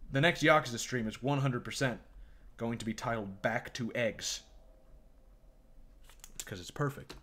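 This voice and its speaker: A man's voice: medium pitch, moderate pace, long pauses, pushed and bright. An American man streaming a game, chatting casually and laughing as he comments. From United States. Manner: laughs often, reads game dialogue aloud, loose and joking.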